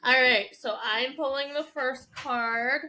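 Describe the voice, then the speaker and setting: A woman's voice: sits high, fairly even intonation, takes it slowly, pushed and bright. A young woman hosting a casual podcast, telling stories with lots of laughter and swearing freely. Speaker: podcast host.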